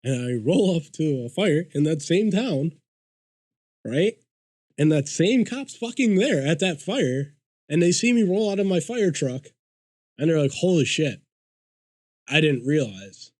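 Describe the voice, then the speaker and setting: A podcast guest recounts a story in loose conversation, cursing liberally and playing out people's quotes with animation. His voice sits on the high side and runs a little slow, in a dry recording.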